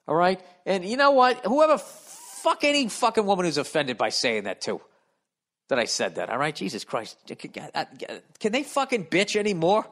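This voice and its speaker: A man in his fifties with a Boston accent hosting a solo podcast, reading listener mail aloud and riffing on it in a profane, animated rant. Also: high voice, moderate pace. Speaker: podcast host.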